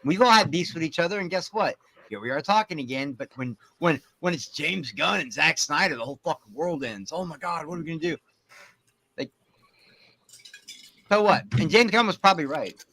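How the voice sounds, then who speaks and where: A man with a bright, fairly high voice hosts a rowdy panel podcast. He talks in an animated, profane way, and his pitch swings widely. He laughs often between points. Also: moderate pace, slight background noise. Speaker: podcast host. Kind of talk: casual panel chat.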